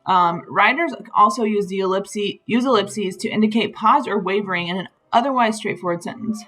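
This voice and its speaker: A woman's voice: medium pitch, normal speed, fairly bright tone, poor audio. Patient woman teacher explaining slides. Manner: patient, explanatory, with frequent ums. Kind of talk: recorded slide lesson.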